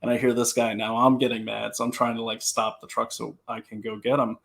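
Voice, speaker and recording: A man with a rough, gravelly voice talks through safety tips on a live stream. He tells stories with energy and often trips over his first words before he gets going. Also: medium pitch, brisk. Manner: animated storyteller, repeats words when starting. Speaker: security consultant. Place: home, talking to a computer.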